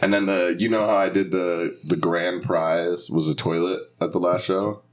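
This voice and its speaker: A man's voice: deep voice, level tone, moderate pace. A young man from Philadelphia, a stand-up comedian, chatting casually on a podcast, swearing freely and dropping into put-on voices for bits. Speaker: guest comedian.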